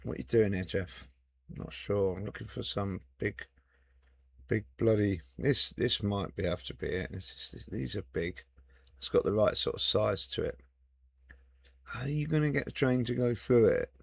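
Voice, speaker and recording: A man's voice: fairly low pitch, moderate pace, vocal fry, husky, dry recording, clean studio sound. A man chatting casually and teasing while playing a video game, with mild swearing. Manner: joking banter with mild swearing. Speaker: gamer.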